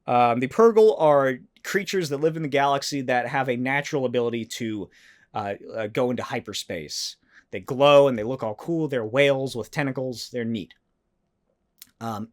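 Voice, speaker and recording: A man hosting a solo podcast, talking casually and excitedly, with frequent swearing and animated rants. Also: mid-range voice. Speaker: podcast host.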